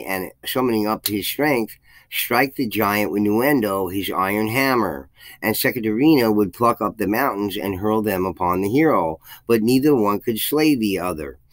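A man's voice: on the low side, fairly bright tone, dry recording, poor audio. A man reading a folk legend aloud, lifting his voice for the quoted lines, with occasional slips. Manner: reads with archaic phrasing, raises his voice for quoted speech, slips and restarts. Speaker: channel host reading a legend. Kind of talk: reading a folk tale aloud, then commentary.

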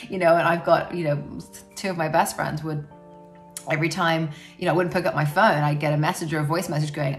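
A woman with a low voice speaks openly and reflectively to the camera about her life as a parent. Her tone is frank, and her sentences are loose and full of "you know". Her voice has a gravelly edge, and soft music plays faintly underneath. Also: steady tone, brisk. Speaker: parent sharing personal experience. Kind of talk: candid personal talk to camera.

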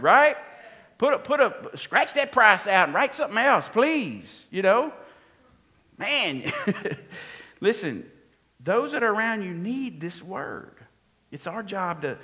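A man preaching a sermon, animated and often asking his congregation questions. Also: a little high, measured pace. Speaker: pastor.

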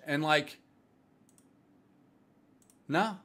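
A man's voice: a little high, lively intonation, normal speed, pauses often, a bit bright. A man hosting a livestream for a streaming platform, talking casually and bluntly to viewers, rambling with lots of "like" and "um". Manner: blunt and rambling, full of "like", "um" and "bro". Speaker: streaming platform staff host.

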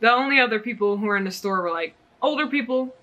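Speaking quickly in a slightly high, bright and forceful voice, a young US knitting vlogger gushes over her yarn haul. She's bubbly and giggles often as she chats.

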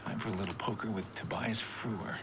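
An actor playing a grim male vigilante hacker, speaking a low, clipped inner monologue in a video game. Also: fairly even intonation, brisk, background noise, close to an everyday voice. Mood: terse.

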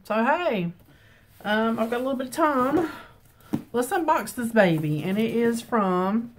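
A woman's voice: on the high side, expressive, unhurried, a little hiss or hum. A young woman, congested, chatting casually in a rambling home vlog full of ums. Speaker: beauty vlogger. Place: home room with ring light.

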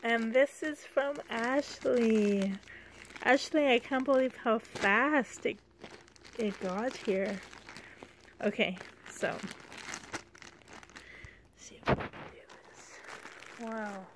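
A woman's voice: fairly high pitch, slow pace, long pauses, a little hiss or hum. Gushing woman unboxing gifts. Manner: gushing, excited exclamations. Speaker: vlogger. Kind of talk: unboxing vlog chat.

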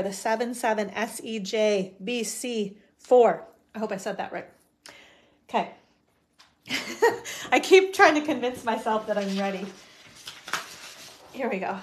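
A middle-aged woman hosting a live stamping demo, chatting casually and rambling with fillers as she works. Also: mid-range voice. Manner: chatty, rambling, self-talk with fillers and little laughs.

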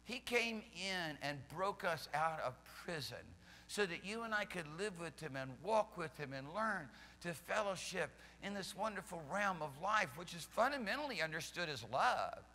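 A man's voice: high voice, animated, moderate pace. Fervent preacher man in a reverberant church. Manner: fervent, swings from loud shouting to soft pleading. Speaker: pastor. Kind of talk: charismatic sermon. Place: church sanctuary during a service.

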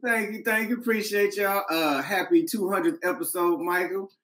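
Male comedian guest, higher voice, animated and laughing, roomy video-call sound. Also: normal speed. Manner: animated, laughing through jokes, acting out voices. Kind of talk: stand-up bit on a video call show. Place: his house.

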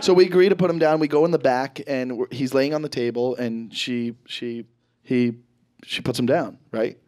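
A man performing a stand-up comedy set, telling stories animatedly and swearing freely, his voice jumping high and loud when he acts panicked. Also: normal speed. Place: stage in front of a live audience. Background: audience laughter.

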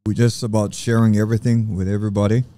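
A man's voice: on the low side, little pitch movement, quick pace, mellow. A man co-hosting a casual chat, enthusiastically praising a home-cooked dish. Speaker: co-host tasting food.

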